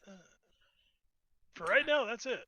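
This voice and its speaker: A man's voice: very high voice, lively intonation, unhurried, sharp tone, no room sound, lo-fi sound. A man playing a tabletop game, chatty and thinking aloud about the rules. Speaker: player.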